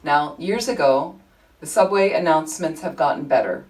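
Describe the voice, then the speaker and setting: A woman leading a Buddhist study group, telling anecdotes in an informal, animated way. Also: sits low, normal speed, recorded from a distance, rough recording. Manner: chatty, animated storytelling with frequent laughter. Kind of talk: informal teaching talk with anecdotes. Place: group meeting room.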